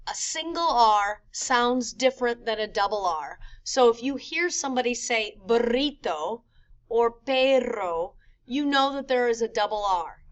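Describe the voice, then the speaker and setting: A woman teacher explaining grammar rules step by step in a recorded lesson, slowing down to spell out examples. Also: on the high side, muffled recording. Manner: clear, methodical explaining with slow spelled-out examples. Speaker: Spanish teacher.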